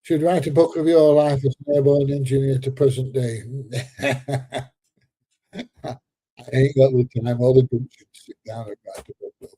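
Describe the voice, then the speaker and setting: A seventy-year-old Englishman, a little bunged up, talks in a loose, joking way on his live stream. His voice is deep, mellow and very husky. The sound is close and dry, with no room around it. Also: fairly even intonation, measured pace, dry recording. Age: 70s. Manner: chatty and joking, laughs often, drops into slang. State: a bit congested. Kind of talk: casual live-stream chat reading viewer comments.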